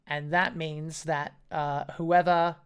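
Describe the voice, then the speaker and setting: A woman's voice: low voice, little pitch movement, takes it slowly, clean tone. A woman running a tabletop game as game master, chatty and easygoing, with many fillers. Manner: chatty, hesitant with fillers, laughs easily.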